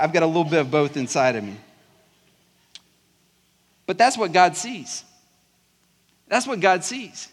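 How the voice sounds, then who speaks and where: A man's voice: high voice, fairly bright tone. A pastor from South Georgia with a Southern accent, preaching a conversational sermon to his congregation. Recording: long hall reverb.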